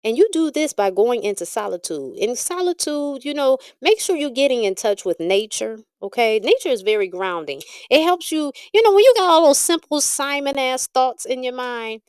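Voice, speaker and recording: Woman, tarot reader, high voice, swooping lively pitch, blunt and profane, dry close sound. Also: normal speed, few pauses, clean tone, dry recording. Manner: blunt, profane, animated ranting; frequent laughter. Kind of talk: livestream tarot reading.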